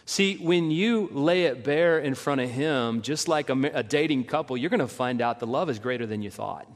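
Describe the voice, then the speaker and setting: A middle-aged man, a pastor, preaching a sermon and acting out the voices of people he quotes with animated intensity. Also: medium pitch, normal speed. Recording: long reverb in a large hall.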